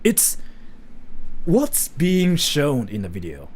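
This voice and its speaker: A man's voice: fairly high pitch, wildly swooping pitch, takes it slowly, a little mellow, breathy edge. A man chatting casually while he reacts to a video, rambling with lots of fillers and questions.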